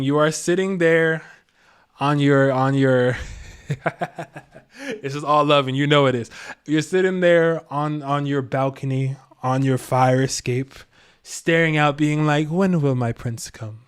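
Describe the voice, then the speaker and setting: Male tarot reader, higher voice, casual slangy delivery, live reading. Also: fairly even intonation, measured pace, smooth. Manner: slangy, laid-back, chuckles to himself.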